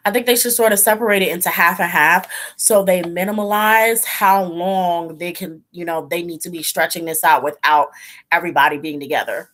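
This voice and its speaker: A woman hosting a casual commentary chat, talking loosely and breaking into loud laughing shouts. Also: on the low side, moderate pace. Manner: chatty, bursts into laughing shouts. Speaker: host.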